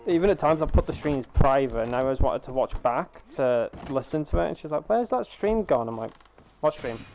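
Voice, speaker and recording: A man's voice: medium pitch, animated, moderate pace, a little mellow, slight background noise. A man streaming a game, chatting casually on a headset mic in a rambling way, with lots of fillers and restarts. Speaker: gaming streamer. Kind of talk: casual chat over gameplay. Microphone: gaming headset.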